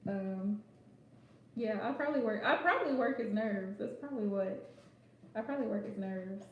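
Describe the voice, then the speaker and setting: A woman's voice: medium pitch, moderate pace, dull audio. A playful woman hosting a casual livestream chat, joking and laughing often as she talks. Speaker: host. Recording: very echoey room.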